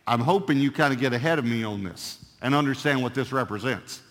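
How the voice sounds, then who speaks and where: A man's voice: mid-range voice, fairly bright tone. Emphatic male pastor preaching in a hall. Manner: emphatic, slows down to stress key words. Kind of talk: sermon.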